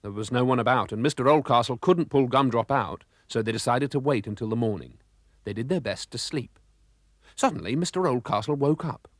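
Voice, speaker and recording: A man narrating a children's storybook with a lively, expressive reading. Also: medium pitch, brisk, no room sound, studio quality.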